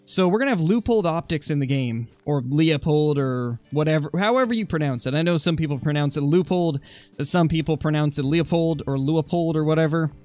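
A young man with a slightly high voice chats casually through a hunting game stream. He reads out viewers' comments and answers them in a relaxed, talkative way. Faint music plays underneath. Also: fast talker, hardly any pauses, no room sound. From Oregon, USA. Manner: chatty, answers chat comments while hunting. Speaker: gaming streamer.

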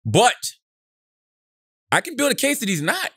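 A man's voice: very high voice, wildly swooping pitch, a little slow, fairly bright tone, husky, dry recording, studio quality. A male podcast co-host in casual comedic chat, blunt and profane, with sing-song emphasis and "you know what I'm saying?".

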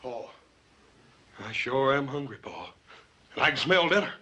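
An actor playing a big-hearted, always hungry young rancher with a folksy, easygoing way of talking in a 1950s TV western. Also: male voice, medium pitch, lively intonation, measured pace, pushed and bright, husky, dull audio, heavily acted. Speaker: ranch son.

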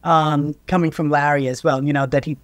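A woman's voice: sits low, steady tone, a little fast, dry recording. An older woman as an interview guest, telling stories with animation and acting out the voices of the people she quotes. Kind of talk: storytelling in an interview.

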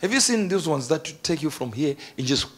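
A man preaching a sermon as a story, animated and jokey, laughing between his lines. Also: on the high side, brisk, slight background noise.

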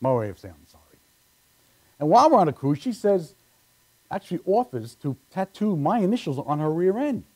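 Man, stand-up comedian, punchy one-liners, slightly high voice, lively intonation. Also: fairly quick, long pauses. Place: live show room.

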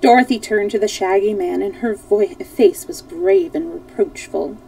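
A woman reading a children's storybook aloud on a livestream in a gentle, steady storytelling voice. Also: mid-range voice, moderate pace, vocal fry, rough recording. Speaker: storyteller streamer.

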